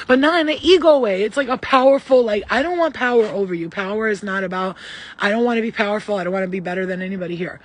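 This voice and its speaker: Woman healer on a live stream, husky voice, blunt and profane, animated delivery. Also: mid-range voice, fairly quick. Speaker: spiritual healer. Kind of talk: casual live-stream talk.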